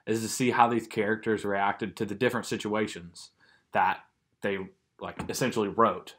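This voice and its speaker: A man's voice: lowish voice, steady tone, moderate pace, a bit bright. Man, light Southern US accent, podcast co-host, casual rambling chat, lots of "like". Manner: rambling, filler-heavy, says "like" a lot.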